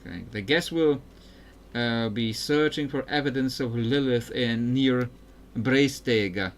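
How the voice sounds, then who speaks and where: A man's voice: medium pitch, measured pace. Rambling male game streamer. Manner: rambling, self-interrupting, chuckling. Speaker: gameplay streamer. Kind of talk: casual gameplay commentary.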